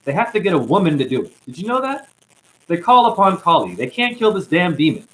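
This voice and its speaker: A man's voice: high-pitched, big pitch swings, a little fast, fairly bright tone, low-quality recording. A man giving an impassioned spiritual monologue as a self-styled teacher, ranting at his viewers and calling them honey. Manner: ranting, calls listeners honey.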